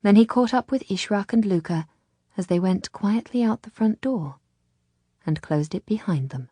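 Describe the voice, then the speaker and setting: A woman narrating an audiobook in a measured, unhurried reading, voicing the characters' dialogue. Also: mid-range voice, animated, warm tone, husky, dry recording.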